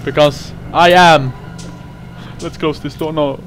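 A man's voice: fairly high pitch, fairly even intonation, takes it slowly, a bit bright, slight background noise, low-quality recording. A young man commentating a horror game playthrough, jumpy and swearing, with yelps and nervous laughter. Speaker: gamer.

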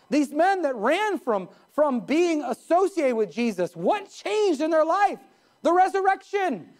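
A man preaching live from a church sanctuary speaks emphatically, with sharp swings in pitch and speed. He often chuckles at his own humour during the sermon.

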